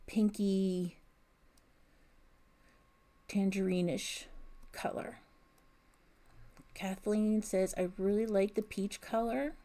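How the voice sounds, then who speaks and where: A woman's voice: medium pitch, dark tone. A middle-aged woman hosting a crochet livestream from home, chatting casually and reading viewer comments aloud on a desk mic. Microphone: desk mic picking up room sounds.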